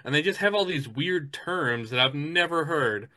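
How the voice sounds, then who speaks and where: A man's voice: a little high, lively intonation, moderate pace, pushed and bright. A man telling a story in casual podcast chat, rambling with lots of fillers and restarts.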